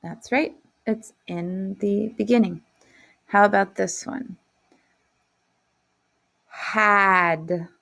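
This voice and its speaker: A woman's voice: medium pitch, steady tone, creaky, a bit bright. A woman teaching a phonics lesson to young children, speaking in a patient, encouraging way. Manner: slow, patient, encouraging classroom delivery.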